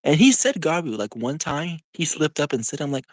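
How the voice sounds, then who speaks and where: A young adult streamer chatting casually with viewers, rambling with lots of "like" and quick laughs. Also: mid-range voice, lively intonation, no echo. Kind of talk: casual live-stream chat, answering viewers.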